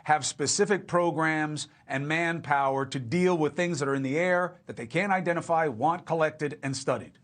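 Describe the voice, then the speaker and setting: A man's voice: a little high, normal speed, hardly any pauses, a bit bright. A man hosting a cable news interview, asking punchy, emphatic questions. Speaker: TV news host.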